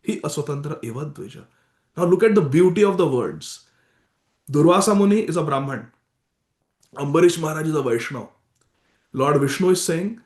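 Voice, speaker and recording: A man's voice: on the high side, lively intonation, normal speed, long pauses, darkish tone. A man teaching a morning scripture class in a temple, retelling stories emphatically with devotional exclamations. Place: temple hall. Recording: echoey temple hall.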